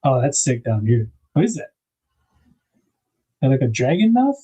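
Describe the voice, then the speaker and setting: A man's voice: medium pitch, very animated, normal speed, warm tone, breathy edge. A man hosting a casual livestream, chatting to viewers, reading their comments aloud and laughing often. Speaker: livestream host.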